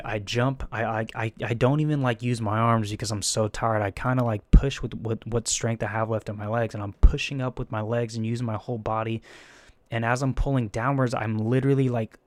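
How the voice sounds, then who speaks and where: A young man talks in a loose, rambling storytelling way, cursing freely and restarting his sentences as he goes. His voice sits a little low. The sound is dry and close, with no room echo. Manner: profane, animated, rambling with restarts. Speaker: firefighter candidate. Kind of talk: casual storytelling vlog.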